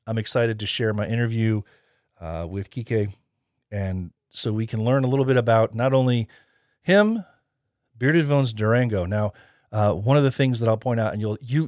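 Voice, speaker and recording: A man's voice: fairly low pitch, no echo, studio quality. A man hosting a podcast, chatting casually and rambling, with frequent laughs. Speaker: podcast host.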